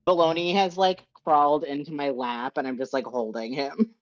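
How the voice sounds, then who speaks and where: A tabletop player chats casually, dropping wry and deadpan remarks about their character. The voice sits at a middle pitch. The mic sounds dull and lo-fi. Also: moderate pace. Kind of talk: casual tabletop game chat.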